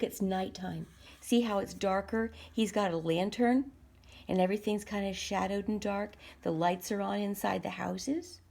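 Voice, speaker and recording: A woman's voice: medium pitch, creaky, dark tone. A woman reading a picture book aloud to children, engaging and asking the listener questions.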